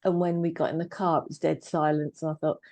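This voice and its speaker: A woman's voice: low voice, level tone, fast, warm tone, dry recording. A woman in her fifties, a trauma coach, telling her life story candidly in a conversation, with touches of dry humour. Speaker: guest, trauma coach and therapist. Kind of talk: personal story in casual conversation.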